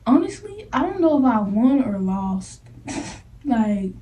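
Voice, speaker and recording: A young woman in a casual storytime vlog, animated and slangy, acting out the scenes as she talks. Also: fairly high pitch, slow, phone-quality sound, slight background noise. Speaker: vlogger. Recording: echoey room, voice from a distance.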